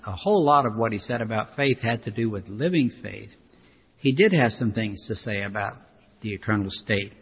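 A pastor, an older man, gives a sermon in a chatty, folksy manner with lots of asides, his mid-range voice slightly rough. Hall reverb and dull lo-fi sound color the recording.

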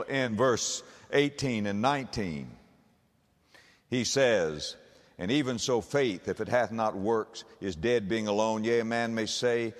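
A man preaching a sermon as pastor, reading scripture aloud with dramatic, rising emphasis in a large church sanctuary. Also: lowish voice. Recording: long reverb of a large church.

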